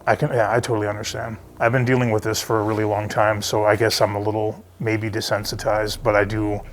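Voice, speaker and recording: A man hosting a paranormal investigation, asking gentle questions in a calm, reassuring way. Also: fairly low pitch, brisk, a little hiss or hum. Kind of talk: investigation interview.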